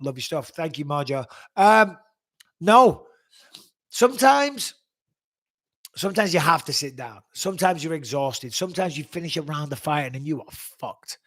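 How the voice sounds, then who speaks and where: A man hosting a live Q&A, answering viewer questions in a blunt, profane, animated way. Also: fairly high pitch, moderate pace, no room sound. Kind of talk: live Q&A chat.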